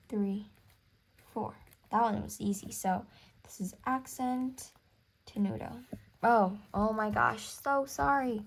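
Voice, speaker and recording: A young woman teaching a music theory lesson, counting beats aloud and apologizing for small slips. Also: medium pitch.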